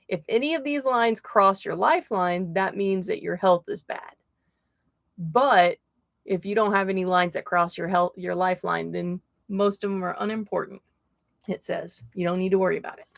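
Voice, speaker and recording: This Florida tarot reader has a gravelly, mid-range voice as she runs a laid-back livestream. She greets viewers by name, chats with them and laughs a lot, with no room sound in the audio.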